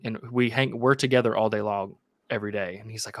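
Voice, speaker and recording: A man's voice: fairly low pitch, level tone, quick pace, dry recording, clean studio sound. A young man co-hosting a casual film podcast, laid-back and a little sick with a cold, telling stories and swearing. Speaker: podcast co-host. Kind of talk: casual chat.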